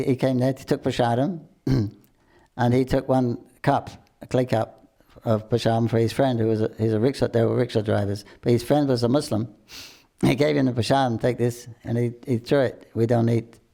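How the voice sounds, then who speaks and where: An older man casually telling devotional stories, halting often with restarts, throat clearing and chuckles. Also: mid-range voice, mellow. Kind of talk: casual storytelling talk.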